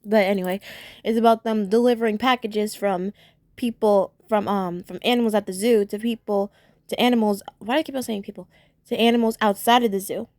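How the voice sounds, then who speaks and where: A woman's voice: mid-range voice, fairly even intonation, brisk, darkish tone, no echo, clean studio sound. A woman chatting casually as she reviews a cartoon episode, rambling and restarting her sentences as she gushes about it. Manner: gushing, acts out characters' lines in voices.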